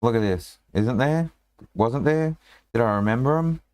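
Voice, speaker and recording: A man's voice: medium pitch, animated, normal speed, darkish tone, no room sound. A man running a tabletop game as game master, in a rambling, casual way full of fillers and restarts.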